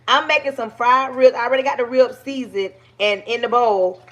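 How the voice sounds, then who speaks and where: A woman with a Southern US accent talks casually to her livestream viewers as she cooks breakfast. Her voice sits a bit high, and her chat is loose and chatty, aimed straight at the people watching. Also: steady tone, normal speed, fairly bright tone. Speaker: livestream host.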